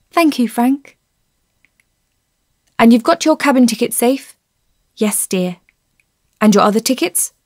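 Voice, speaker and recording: A woman narrating a classic short story in a measured, unhurried way, close to the mic. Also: medium pitch, darkish tone, no echo. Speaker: audiobook narrator. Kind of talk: scripted narration.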